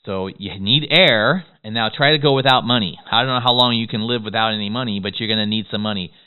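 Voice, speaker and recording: Fast-talking man teaching over tinny audio. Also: fairly low pitch, smooth. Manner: fast-talking, excitable, peppers lines with "okay?". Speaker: business course instructor. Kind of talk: motivational course lecture.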